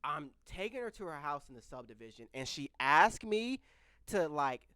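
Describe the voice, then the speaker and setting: A man's voice: a little high, big pitch swings, moderate pace, sharp tone, clear, resonant tone, no room sound. A young man in his twenties candidly telling a rambling personal story to his viewers. He restarts his sentences often as he goes. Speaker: vlogger. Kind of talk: casual storytelling. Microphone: microphone close by.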